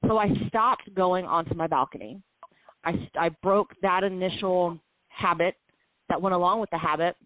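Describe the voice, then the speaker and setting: This woman's voice sits on the low side and comes through tinny, like a phone line, with no echo. Co-hosting a talk show, she shares a personal story frankly and emotionally, her heartfelt speech racing in bursts and then stretching out slowly.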